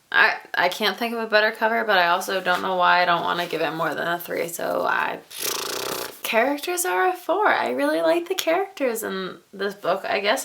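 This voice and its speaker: A young woman talks through a book review in a loose, rambling way, tossing in jokey asides. Her voice is bright and lively and swoops up and down as she goes. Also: mid-range voice, creaky. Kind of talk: casual book review vlog.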